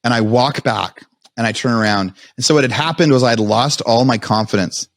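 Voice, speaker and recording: A man as a podcast guest, telling his story in a fast, animated way with many restarts. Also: mid-range voice, no room sound. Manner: fast, animated retelling with frequent restarts and quoted self-talk.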